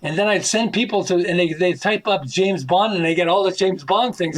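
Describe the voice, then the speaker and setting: A man, an author being interviewed, telling anecdotes in an animated way, acting out quoted dialogue and chuckling often. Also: high voice, normal speed, poor audio. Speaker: author and podcast guest.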